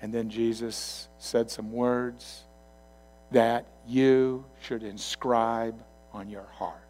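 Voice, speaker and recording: A male pastor giving a sermon in a conversational storytelling way, swinging from loud to quiet asides. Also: mid-range voice, level tone, very slow, soft background music.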